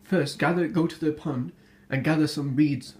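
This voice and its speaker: A man's voice: fairly high pitch, normal speed, darkish tone, natural voice. A man voicing a boastful male rooster who gives bossy instructions in a loosely told folk tale.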